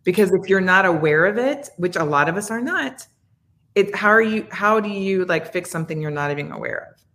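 Woman, podcast co-host, low voice, thoughtful advice, casual talk. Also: animated, fairly quick, fairly bright tone.

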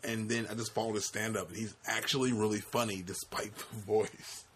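A man's voice: lowish voice, little pitch movement, brisk, a little hiss or hum. A young man co-hosting a casual podcast, easygoing and laid back, often trailing off. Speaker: podcast co-host. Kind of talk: casual chat.

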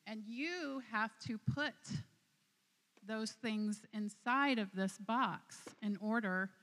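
A woman in her forties speaking at a church service, telling stories at a slow, deliberate pace. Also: fairly high pitch, a bit bright. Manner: slow storytelling, acts out characters in a joke. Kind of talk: sermon with a told joke. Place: church sanctuary. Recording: long reverb of a large hall.

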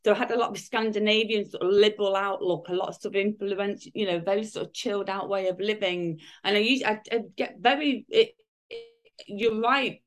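A woman's voice: medium pitch, steady tone, brisk. A woman in her fifties, a guest in a casual interview, talking in rambling sentences full of restarts and fillers. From United Kingdom. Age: 50s.

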